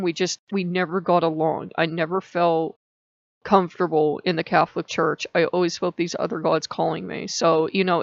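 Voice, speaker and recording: A middle-aged woman talks in a loose, rambling vlog, her words wandering from one thought to the next. Her voice has a gravelly fry, and her pitch often leaps up mid-sentence. The recording is dull and dry, with no room sound. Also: no room sound. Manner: rambling, chatty, with sudden rises in pitch. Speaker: vlogger. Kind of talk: casual spiritual vlog chat.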